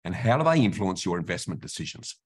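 A man's voice: sits low, big pitch swings, fast, breathy edge. Matey Australian male podcast host. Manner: friendly, matey, laughs easily. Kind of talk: casual chat.

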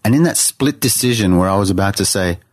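A man with a fairly low voice tells a personal story in a podcast interview. He speaks earnestly, often restarting his phrases. The sound is close and dry. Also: quick pace, no room sound. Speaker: guest artist.

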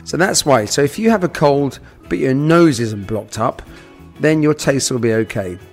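A man, a chef, giving a calm, instructive explanation to young listeners and walking them through an experiment. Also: medium pitch, moderate pace, faint music behind. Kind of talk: recorded guest explanation.

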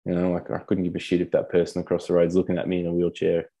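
A man's voice: low-pitched, completely flat delivery, racing, warm tone. A young man speaking candidly as a podcast guest, blunt, swearing casually and calling people mate. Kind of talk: candid conversational storytelling.

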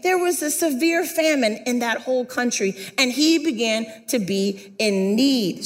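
A fairly high-voiced woman preaches with a lively, swooping delivery, telling a story and asking her listeners to repeat key words. Her voice carries a long reverb, as in a large hall. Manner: animated, asks the audience to repeat words. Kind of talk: sermon.

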